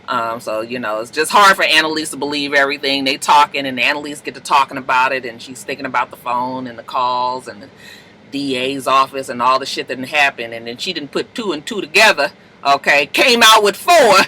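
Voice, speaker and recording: A woman recapping a TV episode in a casual, profane, animated way, jumping into high voices to act out the characters. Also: a little fast, slight background noise, rough recording. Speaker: TV recap vlogger.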